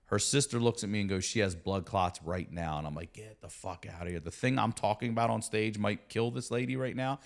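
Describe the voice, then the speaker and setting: A middle-aged man telling a story casually in a studio, animated and profane. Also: on the low side, brisk, creaky, hardly any pauses. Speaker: comedian and podcast guest.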